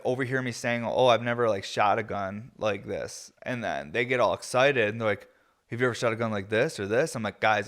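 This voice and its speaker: A young man hosts a podcast from a garage, spinning loose stories in a relaxed, meandering way. He fills his talk with likes and you-knows and swears freely, his voice sitting at an ordinary middle pitch. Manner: rambling, filler-heavy, swears freely. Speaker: podcast host. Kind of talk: casual storytelling chat. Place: home garage.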